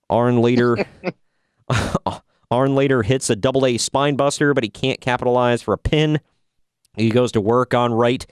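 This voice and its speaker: A man's voice: mid-range voice, clear, resonant tone, dry recording, clean studio sound. A man hosting a casual podcast, recapping wrestling matches with jokey, sarcastic asides. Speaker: podcast host reviewing wrestling. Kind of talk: casual review chat.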